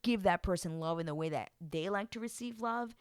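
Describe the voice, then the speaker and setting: Woman host of a reality TV recap, casual and expressive, lower pitch, dry close sound. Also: a little fast, clean tone, no room sound. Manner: animated, mimics the people she describes. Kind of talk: casual chat.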